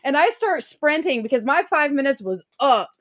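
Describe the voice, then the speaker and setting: A young adult woman co-hosting a podcast, telling a story in an animated, excitable way and laughing often. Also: high-pitched, normal speed, no room sound, studio quality. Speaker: co-host. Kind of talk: casual storytelling chat.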